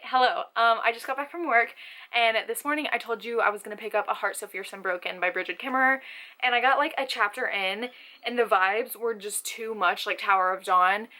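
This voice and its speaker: A woman's voice: mid-range voice, sharp tone. A young woman chatting casually to camera in a reading vlog, talking through her books with frequent "like" and "um". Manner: chatty, many "like" and "um" fillers. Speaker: book vlogger.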